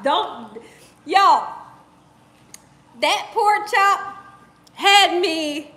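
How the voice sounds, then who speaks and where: A woman's voice: high voice, animated, unhurried, bright, forceful tone. A middle-aged woman hosting a cooking channel, chatting casually on a livestream, laughing often and repeating herself for emphasis.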